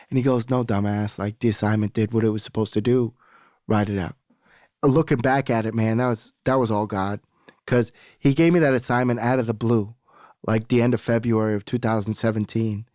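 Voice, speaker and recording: A man's voice: lowish voice, fairly even intonation, fairly quick, a little mellow, no room sound, studio quality. A young adult man, a podcast guest, telling a candid personal story in casual talk, swearing freely and acting out the voices of people he quotes.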